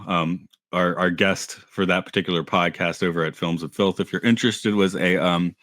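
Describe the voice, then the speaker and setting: A man with a low voice chats loosely on a podcast. He rambles, trips over his words and corrects himself. The sound is dry and close. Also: a bit bright, no room sound. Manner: rambling, self-correcting, laughs easily. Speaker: podcast co-host. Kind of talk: casual chat.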